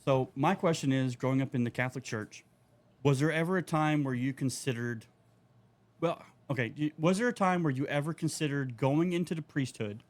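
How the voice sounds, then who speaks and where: A man with a mid-range voice speaks briskly while co-hosting a podcast. His casual riffing is profane and ranting, full of animated tangents.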